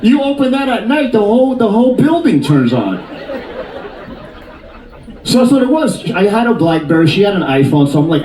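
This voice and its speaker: A man's voice: fairly high pitch, moderate pace, long pauses, distant mic. Stand-up comic, man, 50s, teasing crowd work, roomy off-mic sound. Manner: animated, jokey, teasing the audience. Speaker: stand-up comedian. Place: cruise ship theater.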